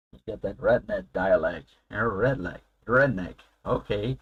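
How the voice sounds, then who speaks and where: A man's voice: lowish voice, measured pace, fairly bright tone, husky, dull audio. A man hosting a casual live stream, chatting loosely and laughing often as he answers his viewers.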